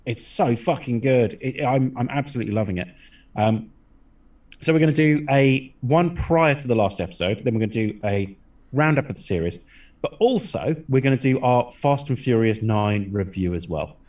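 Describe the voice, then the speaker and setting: A man's voice: mid-range voice, lively intonation, normal speed, a little mellow. A man co-hosting a casual podcast, enthusiastic and swearing freely. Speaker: podcast co-host. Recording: voice a bit far from the mic.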